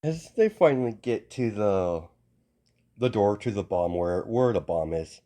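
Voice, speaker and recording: A man narrates an improvised fan story, stopping often to restart and correct himself. His voice sits a little low and sounds soft and mellow. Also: animated. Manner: halting, full of restarts and self-corrections.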